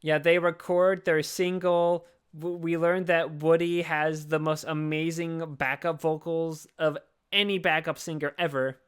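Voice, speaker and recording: A man co-hosting a podcast, recapping a movie in casual chat, acting out characters in quick voices and swearing freely. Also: fairly high pitch, flat delivery, clear, resonant tone. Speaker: podcast co-host.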